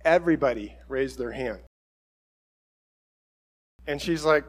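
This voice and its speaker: A man delivers a sermon in a relaxed, storytelling way, often slipping into quoted voices and gently joking at his own expense. His voice sits high for a man. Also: normal speed. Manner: self-deprecating humor with chuckles. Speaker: pastor.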